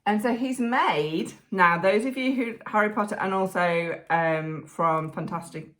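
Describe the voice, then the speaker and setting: A woman co-hosting a crafting podcast in casual, rambling chat, excitable and quick to swear. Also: medium pitch. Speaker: podcast co-host.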